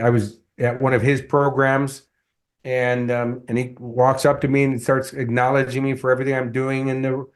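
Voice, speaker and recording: A middle-aged man, a motivational coach, telling stories in a relaxed interview and acting out the voices of people he quotes. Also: mid-range voice. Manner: animated storyteller acting out quotes. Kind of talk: conversational storytelling interview.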